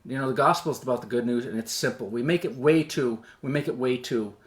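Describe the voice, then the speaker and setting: A man telling a personal story on stage in an animated, self-deprecating way, acting out the dialogue as he goes. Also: medium pitch, fast talker.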